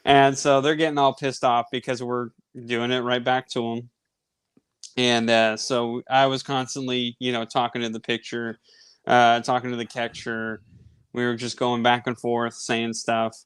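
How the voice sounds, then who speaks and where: Male podcast host, thirties, mid-pitched and clear-toned, telling a loose, filler-heavy story. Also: measured pace, no room sound. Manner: rambling, animated anecdote with many fillers. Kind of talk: casual storytelling.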